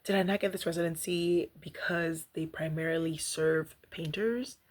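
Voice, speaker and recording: A young woman vlogging casually about rejection, chatty and animated, laughing often and reading aloud. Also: deep voice, moderate pace. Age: young adult. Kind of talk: casual reflective vlog.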